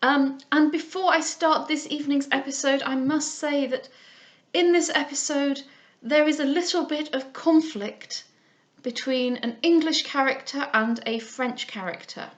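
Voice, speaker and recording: Woman, high voice, reading a classic novel aloud, arch, playful asides. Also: unhurried. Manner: arch and playful when chatting.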